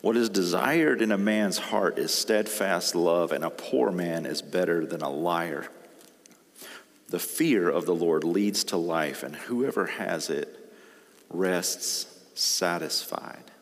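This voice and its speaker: Deep slow-speaking male preacher. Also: lively intonation, gravelly. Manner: reads scripture aloud, rising and pressing at key points. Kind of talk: sermon. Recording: reverberant hall.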